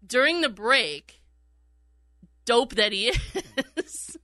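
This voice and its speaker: Bright-voiced woman telling a story. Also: on the high side, extremely slow, dry recording. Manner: animated, laughing often, acting out quotes. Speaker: radio show regular, former call screener. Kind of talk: casual storytelling chat.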